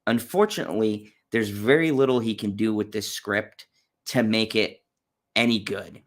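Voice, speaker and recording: A man's voice: fairly low pitch, moderate pace. A man hosting a casual movie-review chat, ranting bluntly and profanely with frequent fillers and restarts. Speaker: channel host reviewing movies.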